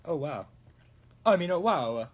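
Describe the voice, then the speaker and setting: Fairly high in pitch and a little slow, this young adult man's voice swings widely up and down. He's a streamer making a prop, keeping up a playful, casual chat and now and then bursting into fake-Italian exclamations.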